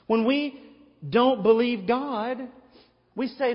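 Male preacher, higher register, emphatic sermon delivery, reverberant church hall, muffled lo-fi recording. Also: animated, a little slow. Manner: emphatic, repeating rhetorical questions. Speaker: pastor. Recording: echoey hall, dull lo-fi sound.

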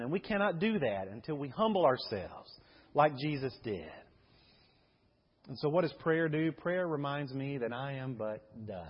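Male pastor, earnest sermon delivery, slightly high voice; muffled recording in a long-reverb sanctuary. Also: breathy edge. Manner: earnest preaching with rhetorical questions and repetition. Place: church sanctuary.

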